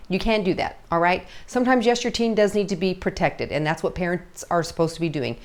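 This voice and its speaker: A woman's voice: medium pitch, a little mellow. Middle-aged woman, parenting coach, chatty, keeps checking in with listeners. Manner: conversational, checks in constantly with "okay?" and "all right?". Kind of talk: casual coaching talk.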